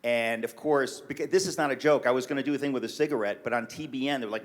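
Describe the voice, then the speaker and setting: A middle-aged man from New York jokes and tells stories as a guest on a church stage, his voice sitting at an ordinary middle pitch. He talks in an animated, wisecracking way to the audience. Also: very fast, few pauses. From New York City. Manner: joking, animated storyteller. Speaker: guest author. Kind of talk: casual chat.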